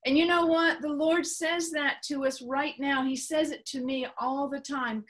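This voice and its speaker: Woman preacher, high voice, unhurried earnest sermon delivery. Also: steady tone, fairly bright tone. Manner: earnest, repeats phrases, slows for emphasis. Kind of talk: sermon teaching.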